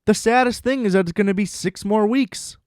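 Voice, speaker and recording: Excitable, profane male podcast host. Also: high voice, a little fast, dry recording, studio quality. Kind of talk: casual solo podcast rant.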